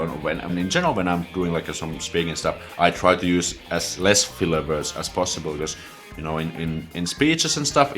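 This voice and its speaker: Low-voiced Finnish-accented young man teaching. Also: a bit bright. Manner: casual, chatty, frequent fillers and restarts. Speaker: language teacher. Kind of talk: explaining vocabulary to camera.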